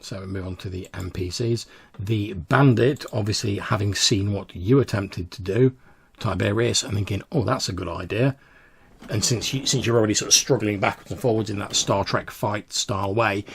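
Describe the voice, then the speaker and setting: A man runs a tabletop game, describing the action casually and stuffing his sentences with little fillers. His voice is low and gravelly, with faint noise in the background. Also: a little fast. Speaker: game master.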